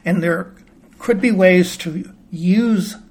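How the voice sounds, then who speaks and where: A man calmly explaining a word's spelling and pronunciation in a patient, plain-spoken teaching manner. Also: high voice, takes it slowly, slightly rough. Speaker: reading teacher. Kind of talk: explanatory lesson.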